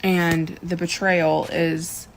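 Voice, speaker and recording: A woman's voice: fairly low pitch, little pitch movement, extremely slow, gravelly, noisy background. A woman in her thirties earnestly telling her own story of heartbreak, her voice rising as she relives moments. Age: 30s. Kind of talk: emotional personal storytelling.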